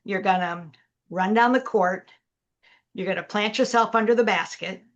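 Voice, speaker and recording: A woman's voice: mid-range voice, moderate pace. A middle-aged woman, a leadership coach, telling a story as a podcast guest and acting out the dialogue. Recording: dull lo-fi audio.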